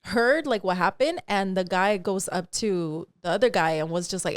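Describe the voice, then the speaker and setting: A woman's voice: mid-range voice, moderate pace, hardly any pauses, dry recording, clean studio sound. A woman co-hosting a podcast, chatting casually, laughing and swearing freely, mixing in Spanish words. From California. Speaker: podcast co-host. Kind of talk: casual chat.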